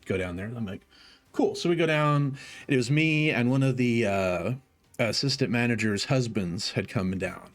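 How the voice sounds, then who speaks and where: A man's voice: medium pitch, moderate pace. A man streaming, telling long casual stories with lots of swearing and filler words. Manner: profane, rambling, animated in retelling. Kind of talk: casual storytelling chat.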